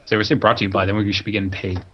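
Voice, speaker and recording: A man's voice: fairly low pitch, little pitch movement, racing, a bit bright, breathy edge, muffled recording. A man talking in a casual podcast chat, rambling through stories and laughing often at his own jokes. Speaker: podcast co-host.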